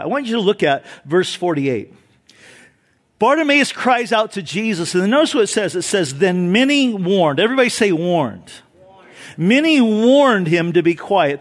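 A male pastor preaching a sermon, lively and animated, acting out voices in the story he tells. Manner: animated preaching, shifts pitch and loudness for emphasis; acts out crowd voices in quotes.

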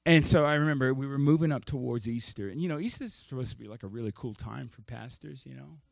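A man's voice: medium pitch, quick pace, vocal fry, no echo, clean studio sound. A man preaching a sermon as a pastor, telling a personal story candidly with self-deprecating jokes.

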